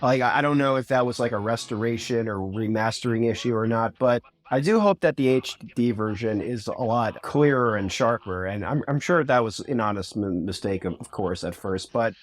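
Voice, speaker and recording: Guy guesting on a review, middle pitch, rambles and hedges a lot. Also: normal speed, hardly any pauses, no room sound. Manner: rambling, hedging, restarts. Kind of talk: casual review chat.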